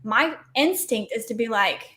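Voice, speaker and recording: Candid woman, slightly high voice. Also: moderate pace. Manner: candid, animated, acts out quotes. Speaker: co-host. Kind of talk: casual couple's livestream talk.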